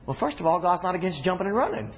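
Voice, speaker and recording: A man preaching a sermon to a congregation in a church, talking casually to the room and breaking into loud shouts. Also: high-pitched, racing. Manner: animated, shouting bursts and conversational asides to congregation.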